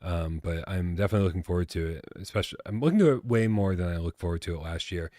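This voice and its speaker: A man's voice: sits low, quick pace, dark tone, no echo, studio quality. A man co-hosting a casual live-stream chat, rambling and swearing as he reads out the chat. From Boston area. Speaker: podcast co-host.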